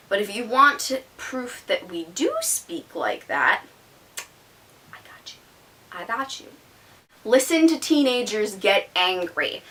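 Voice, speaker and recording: A woman's voice: on the high side, sharp tone, distant mic. A teenage girl ranting to camera in an indignant, sarcastic, emphatic way. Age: teens. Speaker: vlogger.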